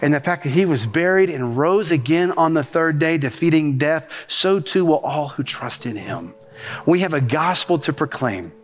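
A man preaching a sermon as pastor, with rhythmic, animated delivery and quick bursts of speech. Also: fairly high pitch, big-room sound.

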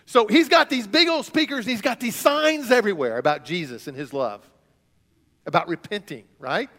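A man preaching a sermon as a student pastor, telling stories with big swings between quiet and loud. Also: high-pitched, lively intonation, moderate pace. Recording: long hall reverb.

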